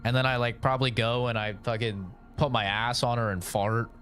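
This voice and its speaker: A man's voice: medium pitch, fairly even intonation, brisk, a bit bright, soft background music. A young man chatting on a gaming stream, telling crude, profane, rambling stories. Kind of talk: casual stream chat.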